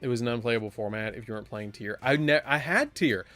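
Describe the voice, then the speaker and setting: A man's voice: mid-range voice, fast talker, a bit bright, faint music behind. A man casually chatting while streaming a card game live, rambling and breaking into surprised exclamations.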